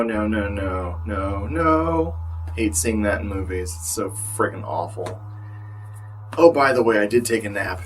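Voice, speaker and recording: Low-voiced man, tired rambling movie vlogger with a wry sense of humor, a bit off-mic, faint guitar behind. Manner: rambling, wry, self-deprecating. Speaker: movie reviewer. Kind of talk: casual vlog review. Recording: voice a little far from the mic.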